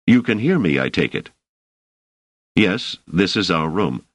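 Brief: man voicing a deep-voiced, dryly exasperated scholar for an audiobook, close and dry. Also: very animated, a little slow, slightly rough, no room sound, exaggerated voice. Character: wary male scholar, a guest in a strange place.

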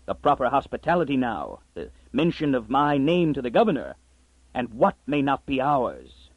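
A man reading as a gruff old farmer, blustering and pompous, with a husky edge and lively swings in pitch, heard in a dry, slightly muffled audiobook recording. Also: moderate pace, no room sound. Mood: scheming.

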